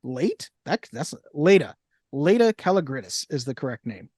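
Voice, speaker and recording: A man's voice: a little high, big pitch swings, moderate pace, darkish tone, husky, no echo, clean studio sound. A young man co-hosting a movie podcast in casual chat, reading cast lists and review quotes aloud. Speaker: podcast co-host.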